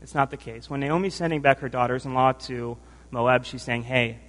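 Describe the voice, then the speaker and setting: A man's voice: mid-range voice, brisk, a bit bright. A male preacher delivers his sermon in a church hall, and his voice carries a long reverb. He sounds earnest and emotional, a little worn from lack of sleep. He restarts phrases often and keeps checking in with "right?".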